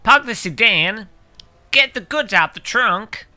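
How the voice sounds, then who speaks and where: A man's voice: high voice, expressive, slow pace, bright, forceful tone, pitched above the performer's own voice, exaggerated voice. A man putting on a cheerful, exaggerated mock American accent as a joke while streaming a game.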